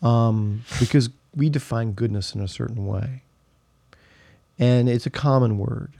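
A man in a casual conversation who explains ideas in a careful, measured way. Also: medium pitch, creaky, mellow, no echo. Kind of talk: casual chat.

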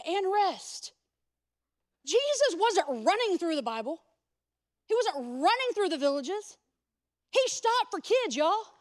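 A woman pastor preaching a sermon in a bright, high voice. She talks to the congregation directly and casually, as if chatting with friends, and drops in humorous asides between her points.

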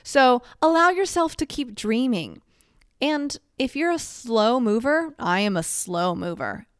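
A woman's voice: on the high side, lively intonation, a little slow, clear, resonant tone, no echo, studio quality. A woman giving casual advice to the camera, chatty and self-mocking, full of "like" and little laughs.

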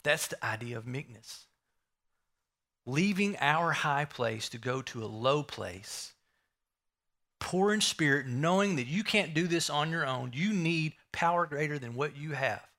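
A man's voice: a little high, animated, measured pace, a bit bright. A man preaching a sermon, emphatic, repeating key phrases and asking the listeners rhetorical questions.

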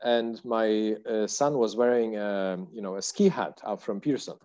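A man's voice: on the low side, a little slow, darkish tone, muffled recording. A middle-aged man from Poland with a Polish accent, telling stories as an interview guest, full of fillers and restarts. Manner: rambling, many fillers and restarts. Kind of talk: casual interview storytelling.

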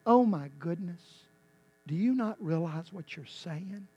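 A man preaching a sermon as pastor, impassioned, swinging from quiet to loud with emphatic repetition. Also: high voice, measured pace, slightly rough, no echo.

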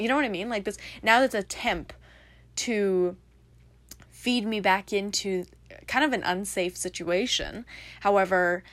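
A woman's voice: medium pitch, steady tone, measured pace, a bit bright, no echo. A young adult woman hosting a casual solo podcast, rambling and reflective with lots of fillers. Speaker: podcast host.

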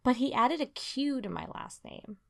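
A young woman co-hosting a relaxed podcast, rambling with plenty of fillers. Her voice has a gravelly fry to it, and laughter keeps breaking through her chat. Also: high voice, moderate pace. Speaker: podcast co-host. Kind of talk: casual chat.

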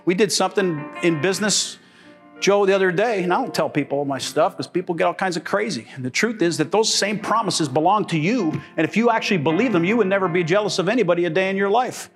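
A middle-aged male preacher with a fairly high voice, full of jokes and sudden leaps into shouted exclamations. Soft instrumental music plays faintly behind him. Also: fast. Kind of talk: sermon.

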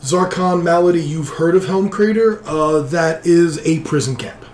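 A man's voice: fairly high pitch, a little slow, a little mellow, a little hiss or hum. A man narrating as game master, setting scenes loosely with frequent fillers. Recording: roomy echo.

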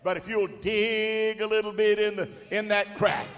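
A male pastor preaching a sermon to a congregation, building from slow, measured lines to shouted, drawn-out exclamations. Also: high voice, fairly even intonation, some chatter behind. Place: large church hall. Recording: long hall reverb.

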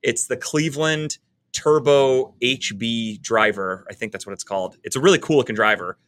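A man's voice: mid-range voice, moderate pace, no echo. A man co-hosting a podcast, chatting loosely and swearing as he tells stories. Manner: laid-back, swears often, animated storytelling. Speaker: podcast co-host. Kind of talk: casual chat.

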